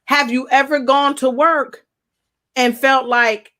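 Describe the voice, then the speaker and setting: Lively woman hosting a live talk show. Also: high-pitched, takes it slowly. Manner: lively, playful, addresses viewers directly. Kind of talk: live online interview show.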